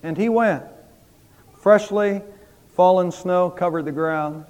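A man with a high voice preaches an Easter sermon from the pulpit. He builds his lines to fervent emphasis as pastor. The sound rings with the long reverb of a church sanctuary. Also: takes it slowly, a little mellow.

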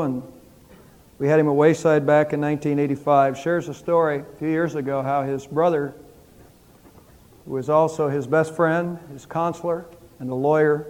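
Male pastor, high voice, church sermon, fervent emphasis, long hall echo. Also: darkish tone. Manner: preaching, rising to fervent emphasis. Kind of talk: Easter sermon with prayer. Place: church sanctuary.

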